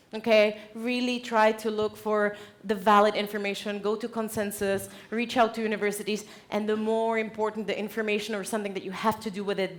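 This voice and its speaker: A woman giving a conference keynote on stage, direct and lively, laughing often. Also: medium pitch. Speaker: conference speaker.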